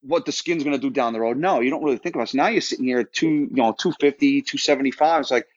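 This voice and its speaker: A man's voice: medium pitch, very fast, dry recording, lo-fi sound. A man in his thirties from Florida, a podcast guest telling his story in a casual, rambling way full of restarts and quoted dialogue. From Florida, United States.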